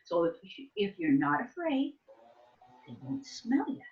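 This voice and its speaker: An older woman telling family stories in an interview, acting out her younger self with lively voices. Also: high-pitched, unhurried, creaky. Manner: animated storytelling, acts out her younger self. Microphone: soft and distant at times. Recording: dull lo-fi sound.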